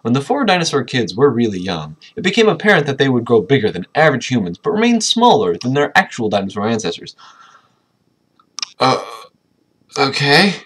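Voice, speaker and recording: A man's voice: mid-range voice, wildly swooping pitch, fairly quick, fairly bright tone, breathy edge. A man reading a book aloud and breaking off into sarcastic, mocking commentary between passages. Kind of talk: casual dramatic reading with commentary.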